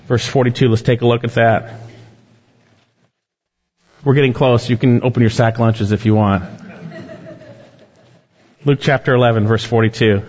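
A pastor preaching a sermon with emphatic rises and falls, slowing down on key words. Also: male voice, a little mellow. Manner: emphatic preaching, swelling and dropping in pitch and volume. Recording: long reverb, dull lo-fi sound.

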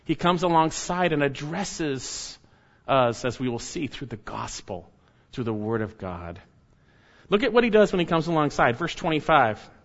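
A man preaching a sermon, stressing key words loudly and dropping to quiet, low asides. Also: very animated, moderate pace, dull audio. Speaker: pastor.

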